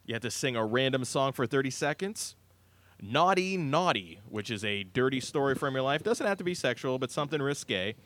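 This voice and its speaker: A man's voice: mid-range voice, fast talker, hardly any pauses, fairly bright tone. Crude, wisecracking male podcast host. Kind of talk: casual joking chat, running a party game.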